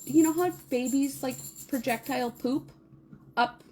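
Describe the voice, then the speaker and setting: A woman in her thirties, a podcast co-host, telling a chaotic morning story in a casual, animated way, often laughing and acting out quotes. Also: unhurried, a little hiss or hum. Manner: animated, laughing, acts out quotes in a high squeal.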